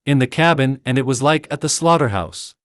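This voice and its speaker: A man narrating an action audiobook in a steady, even reading. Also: medium pitch, fairly quick, smooth, dry recording, clean studio sound. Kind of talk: scripted narration.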